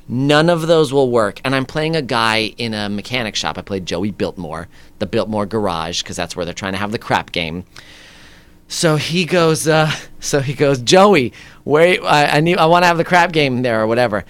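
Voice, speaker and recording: Smooth-voiced man telling a lively story. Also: fairly high pitch, no room sound. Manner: lively anecdotes with acted-out quotes and laughs. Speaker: actor guest. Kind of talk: animated storytelling in conversation.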